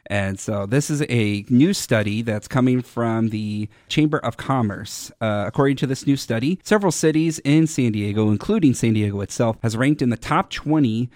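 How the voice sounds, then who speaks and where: A man's voice: mid-range voice, darkish tone, no room sound, studio quality. A young adult man hosting a casual local news chat, conversational and opinionated. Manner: conversational, opinionated, quick asides. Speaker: host.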